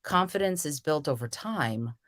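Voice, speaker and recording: A woman guest, a tarot reader, telling lively stories in conversation and acting out the dialogue. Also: sits low, moderate pace, no echo, clean studio sound. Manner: lively storyteller who acts out dialogue. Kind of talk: storytelling in conversation.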